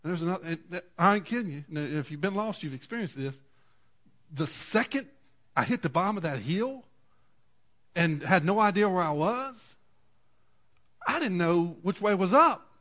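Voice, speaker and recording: Male preacher, 40s, slightly high voice, folksy sermon storyteller. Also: animated, normal speed, long pauses. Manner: folksy storytelling, swings from quiet asides to loud cries. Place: church.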